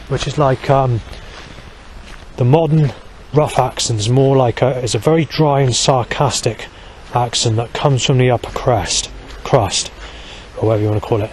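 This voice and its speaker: A man's voice: mid-range voice, normal speed, slight background noise. A man talking in a long, rambling vlog monologue, swearing heavily and restarting sentences, with many fillers.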